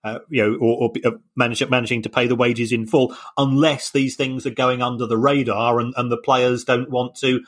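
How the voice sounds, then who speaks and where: Male podcast analyst, mid-pitched, hesitant and repetitive delivery, casual explainer. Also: flat delivery, brisk, few pauses. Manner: hesitant, repeats words as he explains. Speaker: podcast co-host, finance analyst.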